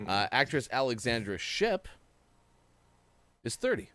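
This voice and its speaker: A man's voice: medium pitch, very animated, measured pace, bright, forceful tone, no echo. A man hosting a casual gaming morning show, joking while he reads out birthdays and trivia.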